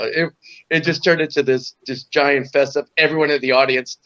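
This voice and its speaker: A man's voice: mid-range voice, fairly even intonation, brisk, fairly bright tone, dull audio. A man in his sixties from Orange County, telling musician stories as a guest in a casual, rambling way full of "you know". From Orange County, California. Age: 60s. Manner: rambling anecdotal, frequent "you know" and repeats. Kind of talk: casual storytelling interview.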